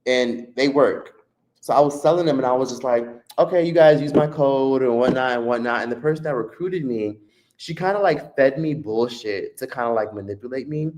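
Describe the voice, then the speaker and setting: A man hosting a live stream, telling a profane, animated story in a casual rant. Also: medium pitch, normal speed. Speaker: streamer host. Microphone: streaming mic.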